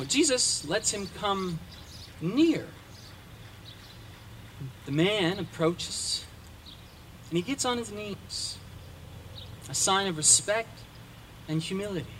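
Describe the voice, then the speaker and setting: A man preaching a sermon, retelling a story with dramatic shifts in pace and loudness. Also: high-pitched, big pitch swings, takes it slowly, pauses often, a little hiss or hum. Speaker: pastor.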